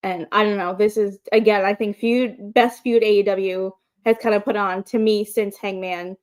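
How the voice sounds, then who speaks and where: A woman co-hosting a live wrestling call-in show, chatting excitedly with lots of fillers and the odd swear. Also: medium pitch, moderate pace. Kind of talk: casual chat. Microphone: livestream microphone.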